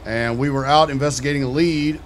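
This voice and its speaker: A man streaming a game, talking as a sheriff in a measured, procedural way, with the odd profane outburst. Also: mid-range voice, steady tone, a little hiss or hum. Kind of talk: in-character role-play and commentary.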